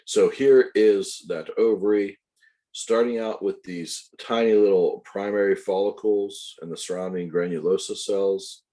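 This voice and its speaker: Guy teaching anatomy, low mellow voice, explains step by step and fixes his own slips. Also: fairly even intonation, measured pace. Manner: explains step by step, corrects himself, asides to students. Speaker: anatomy instructor. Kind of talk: recorded lecture.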